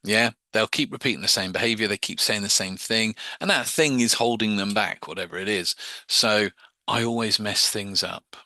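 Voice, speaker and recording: A man's voice: fairly low pitch, a little fast, pushed and bright, no room sound. A man teaching hypnosis techniques in a chatty, informal way, often restarting and repeating words as he explains and acts out short examples.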